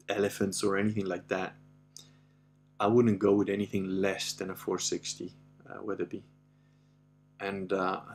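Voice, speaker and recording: A man's voice: on the low side, vocal fry. A middle-aged man casually telling a story, acting out the voices of the people in it, laughing often and swearing now and then. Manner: animated, acts out voices in his anecdotes, laughs often, swears. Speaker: podcast host.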